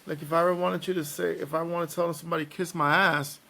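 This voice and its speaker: A man hosting a podcast in casual, playful chat, animated and joking. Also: fairly high pitch, racing, gravelly. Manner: playful, animated, breaks into singing and impressions. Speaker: podcast host.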